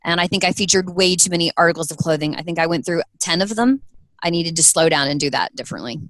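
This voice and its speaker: A guest in her thirties, owner of an apparel company, speaks earnestly and fast about her business in an interview, acting out stories with quoted voices. Her pitch is fairly low and her tone fairly bright. The rough recording sounds close and dry, without echo.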